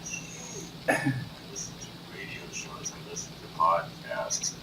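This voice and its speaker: A man from North Carolina, a boastful and animated talk show guest in a TV studio. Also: far from the mic. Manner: boastful, animated, does quick impressions. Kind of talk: boastful chat. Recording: echoey room, off-mic, noisy.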